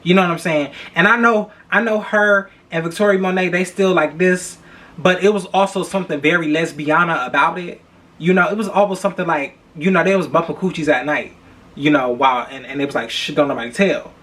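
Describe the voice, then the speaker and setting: A young man hosting a podcast, gossiping about celebrities in a blunt, profane, animated way and repeating himself for emphasis. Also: a little high, brisk. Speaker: podcast host. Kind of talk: casual celebrity gossip commentary.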